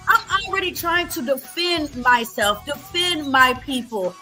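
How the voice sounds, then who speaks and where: Woman w a very high bright voice yelling and cussing on a live call, faint music behind. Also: expressive, unhurried. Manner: loud, profane, repeats herself. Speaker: livestream guest. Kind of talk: heated livestream argument.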